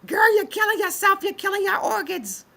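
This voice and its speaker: Woman putting on a squeaky high inner spirit voice, pleading and scolding, urgent. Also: expressive, moderate pace, vocal fry, sharp tone, exaggerated voice.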